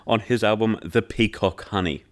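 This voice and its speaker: A man's voice: fairly low pitch, normal speed. A man hosting a podcast and reviewing an album in casual chat, loose and joking, leaning on "like" and swearing freely.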